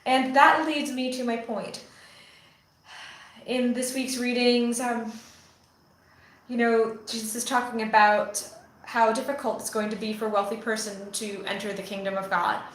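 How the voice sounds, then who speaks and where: Speaking unhurriedly and pausing often, this woman has a fairly high, flat-sounding voice as she rambles to camera from a selfie-stick phone, full of fillers and false starts. A channel founder who vlogs about ministry, she's offering an informal reflection. Her echoey room carries a faint background hum.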